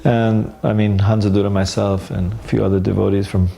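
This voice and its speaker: Gravelly-voiced man telling a story. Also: lowish voice, slight background noise. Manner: animated, acts out dialogue in his story; halting, with restarts and fillers. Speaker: interviewee recalling memories. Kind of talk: casual storytelling.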